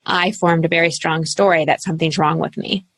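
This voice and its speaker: A woman in her thirties, a coach speaking as an interview guest, telling her story in an earnest, animated way with casual fillers. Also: low-pitched, brisk, no room sound. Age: 30s. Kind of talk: candid interview talk.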